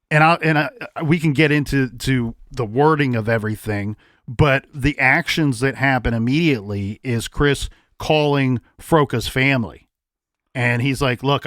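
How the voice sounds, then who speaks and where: A man co-hosting a true crime podcast, laying out a case timeline in measured, deliberate steps. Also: mid-range voice, fairly bright tone, no room sound, clean studio sound. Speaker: podcast co-host.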